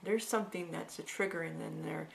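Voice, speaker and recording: A woman's voice: sits low, fairly even intonation, normal speed, creaky, a little hiss or hum. A middle-aged woman talking earnestly and reflectively about her own past, often restarting her sentences. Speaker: vlogger sharing personal experience. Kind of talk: candid personal talk.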